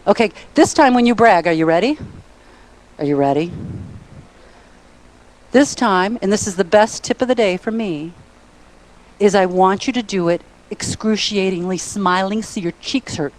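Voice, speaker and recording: A middle-aged woman giving an energetic, playful motivational seminar talk, bossing a conference audience into call-and-response. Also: mid-range voice, moderate pace, pauses often. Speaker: motivational speaker. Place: conference hall.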